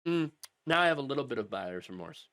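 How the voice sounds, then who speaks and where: A man's voice: mid-range voice, big pitch swings, quick pace, pushed and bright, voice pushed down. A man putting on a mocking, whining voice to imitate a regretful adult man. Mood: mocking whine.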